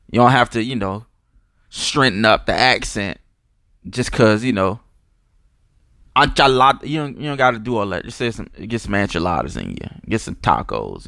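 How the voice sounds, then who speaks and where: Rambling New man, low dry voice. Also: fairly bright tone, no room sound. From New Orleans. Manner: loose, profane, digressive, many restarts and fillers. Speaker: podcast host. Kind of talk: casual rambling monologue.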